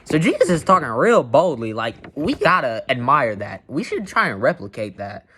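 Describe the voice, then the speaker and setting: A man's voice: medium pitch, big pitch swings, moderate pace, sharp tone, a little hiss or hum. Blunt man reading and commenting on scripture. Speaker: Bible commentator.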